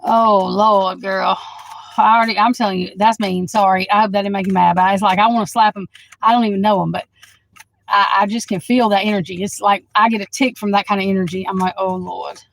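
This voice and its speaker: A woman's voice: medium pitch, steady tone, a little fast, vocal fry, low-quality recording. A woman doing a live tarot reading into her phone, chatting frankly, swearing and laughing often as she talks to the viewer. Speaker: tarot reader.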